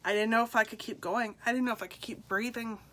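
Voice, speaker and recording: A middle-aged woman, a mother, telling her personal story in an emotional, halting way with soft laughs between lines. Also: on the high side, fairly even intonation. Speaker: speaker sharing her story. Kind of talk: personal testimonial talk.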